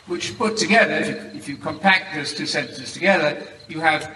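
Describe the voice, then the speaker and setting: A British man delivers a formal debate statement in a measured, emphatic manner, slowing down to stress key words. His voice is bright and pitched a little high. He sounds far from the microphone in a big echoing hall. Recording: echoey hall, heard from far off, background noise.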